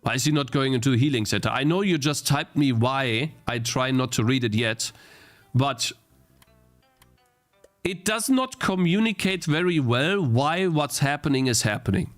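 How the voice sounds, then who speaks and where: A man's voice: mid-range voice, lively intonation, normal speed, soft background music. A young man streaming a game he is playing, thinking aloud, restarting his sentences and getting easily frustrated. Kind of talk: live-stream gameplay commentary.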